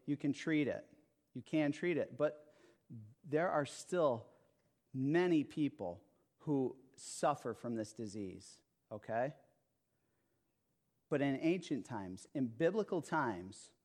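Slow, emphatic male preacher. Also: medium pitch, a little mellow. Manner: slow, emphatic, repeats phrases with frequent "okay?" and "right?". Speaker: pastor. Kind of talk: sermon.

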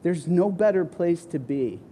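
A middle-aged man, a pastor, preaching a sermon and acting out the people he quotes with sudden high, loud bursts. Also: lively intonation, unhurried, slight background noise. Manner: acts out quoted voices with big pitch swings.

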